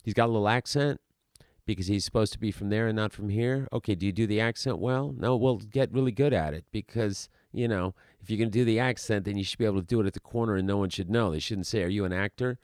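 A man's voice: fairly low pitch, fast, darkish tone, no echo, studio quality. A man, an acting teacher, talking through a podcast monologue in an emphatic way, asking rhetorical questions and repeating words as he makes his points.

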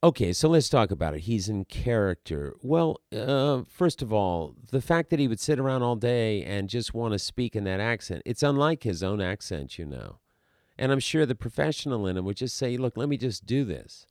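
Rambling low-voiced actor, lively pitch. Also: male voice, normal speed, no echo, clean studio sound. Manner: rambling, full of restarts and asides. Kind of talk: casual monologue.

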